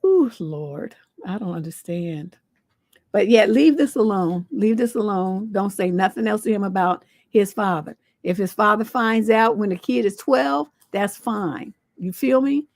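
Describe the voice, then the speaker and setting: A woman's voice: medium pitch, a little slow, darkish tone, dry recording. A woman relationship coach on a livestream advice show, giving blunt, scolding advice with rhetorical questions and salty language.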